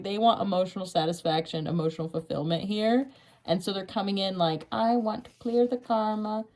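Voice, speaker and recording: A woman with a fairly low voice talks through a tarot spread in a loose, casual way. She gets excited and laughs often, with casual swearing. She calls the listener honey and drops to a soft hush when she gives advice. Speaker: tarot reader.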